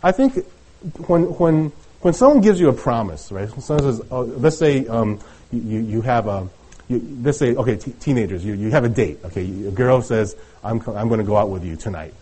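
Brief: middle-aged male pastor, husky tone, casual stop-start sermon delivery. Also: mid-range voice, expressive, mellow. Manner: conversational, halting with many restarts and light laughs.

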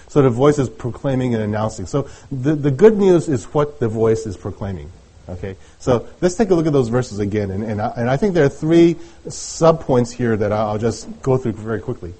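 A middle-aged man preaching a sermon in a conversational, halting way, often restarting his sentences. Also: mid-range voice, animated, warm tone, breathy edge. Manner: conversational, halting with many restarts and light laughs. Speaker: pastor.

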